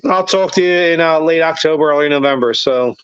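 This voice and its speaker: A man's voice: on the high side, a little fast, clear, resonant tone, no echo. A man co-hosting a casual sports podcast, talking in a profane, emphatic way that swells into heated rants. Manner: profane, emphatic, rising to near-shouting rants. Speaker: podcast co-host. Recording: dull lo-fi sound.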